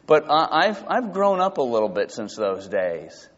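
A male pastor preaching a sermon, emphatic, asking his congregation rhetorical questions and reading scripture slowly. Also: medium pitch, big pitch swings. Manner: reads scripture slowly and deliberately. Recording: dull lo-fi recording with long hall reverb.

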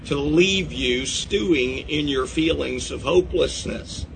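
A man's voice: on the high side, fairly bright tone, a little hiss or hum. A man preaching a sermon in an earnest way, reading scripture aloud and talking straight to his listeners. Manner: earnest preaching, reads scripture aloud in old-fashioned wording. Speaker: pastor.

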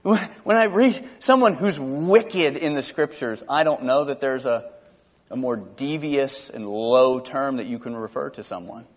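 A man's voice: mid-range voice, unhurried, lo-fi sound. A man preaching an expository Bible teaching in a conversational way, briefly acting out the characters' lines.

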